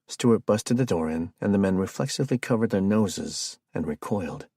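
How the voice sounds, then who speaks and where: A man reads an audiobook in an even, measured way. His voice is very deep with a husky, gravelly texture. The recording is close and dry. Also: no echo. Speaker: audiobook narrator. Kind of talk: scripted narration.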